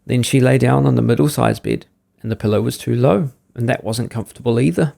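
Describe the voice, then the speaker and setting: A man hosting a podcast, reading a bedtime story aloud in a lively, sing-song way. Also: medium pitch, brisk, creaky.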